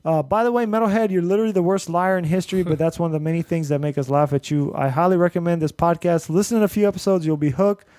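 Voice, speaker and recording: Podcast host, man, mixed Indian-American accent, high voice, loose rambling delivery with laughs. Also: fairly even intonation, quick pace, hardly any pauses, a little mellow, dry recording. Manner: rambling, laughs often, restarts and fillers. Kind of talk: casual podcast chat, reading listener reviews.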